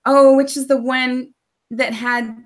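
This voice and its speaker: Giggly higher-voiced woman. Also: flat delivery, slow. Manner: giggly, playful. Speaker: podcast guest. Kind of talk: casual group chat.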